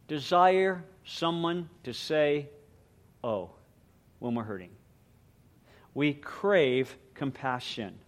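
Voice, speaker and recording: A middle-aged man, a pastor, preaching a sermon and praying in an earnest, measured way. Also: a little high. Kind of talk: sermon with prayer.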